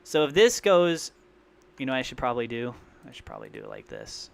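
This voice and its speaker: A man hosting a crypto livestream, rambling and thinking out loud in an excitable way. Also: medium pitch, fairly quick, gravelly. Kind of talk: live-streamed crypto commentary.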